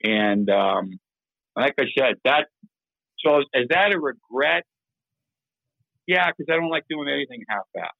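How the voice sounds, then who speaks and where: Gravelly older guy on a muffled call-in line, halting and blunt, keeps restarting. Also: medium pitch, animated, no echo. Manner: halting, repeats words, plain-spoken and self-critical. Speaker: interview guest, former hockey general manager. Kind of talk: candid interview over a call-in line.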